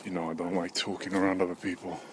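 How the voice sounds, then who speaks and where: A man vlogging on his own outdoors with a handheld camera. He rambles crudely and mocks himself, breaking into sudden silly shouted voices. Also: low voice, level tone, fast talker, background noise. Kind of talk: rambling solo vlog.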